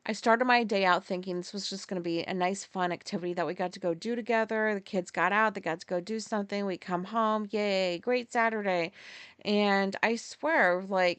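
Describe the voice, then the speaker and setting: A woman's voice: medium pitch, clean tone, no room sound. A woman hosting a podcast, telling a story in a candid, profane way and often laughing at herself. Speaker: podcast host. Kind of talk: casual solo storytelling.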